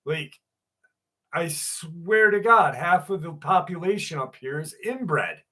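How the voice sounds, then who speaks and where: This man talks at an unhurried, drawn-out pace in a voice pitched a little above most men's. He rambles through a casual story on a livestream panel, full of fillers, restarts and swear words, with a loose, offhand delivery. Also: lively intonation, sharp tone. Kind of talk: casual chat.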